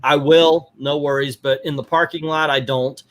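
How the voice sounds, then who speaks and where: A middle-aged man hosting a casual chat, telling stories with lively acted-out quotes. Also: a little high, normal speed. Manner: animated storyteller, acts out quotes. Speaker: podcast host.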